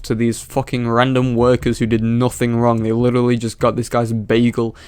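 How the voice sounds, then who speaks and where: A man delivers swearing, mocking commentary on a viral clip in a flat, monotone voice. His voice is smooth and clear. It is recorded close to the mic in a dry room. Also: medium pitch, normal speed, few pauses, dry recording. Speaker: reaction video commentator. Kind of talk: sarcastic reaction commentary.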